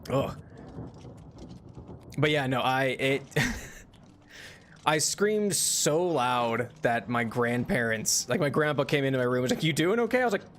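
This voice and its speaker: A man's voice: medium pitch, a bit bright, slight background noise. Laughing, chatty male game streamer. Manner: chatty, laughs often, rambling with restarts. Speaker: VTuber streamer. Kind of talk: casual gameplay commentary.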